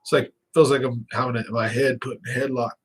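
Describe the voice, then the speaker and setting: A man's voice: medium pitch, little pitch movement, fast talker, slightly rough. A young man hosting a fishing channel live stream, chatting casually and rambling with viewers, a little stuffed up from sinus trouble, laughing often. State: slightly congested with sinus trouble.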